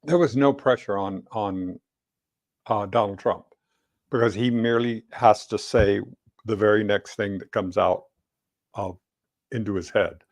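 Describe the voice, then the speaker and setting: A man co-hosting a casual political chat show, talking in halting bursts with many restarts. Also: fairly low pitch. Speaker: co-host.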